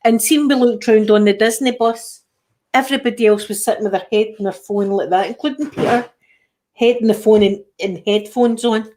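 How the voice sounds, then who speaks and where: A middle-aged Scottish woman hosts a casual live chat on her channel, speaking fairly quickly in a fairly high, warm voice with fairly even intonation. She tells everyday stories and acts out the voices of the people in them.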